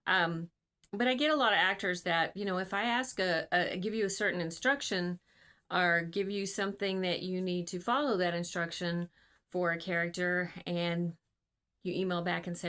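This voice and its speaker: A woman's voice: lowish voice, fairly even intonation, normal speed, sharp tone. Earnest, rambling woman casting director. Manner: rambling, filler-heavy and earnest. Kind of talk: casual advice talk to camera. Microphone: video call.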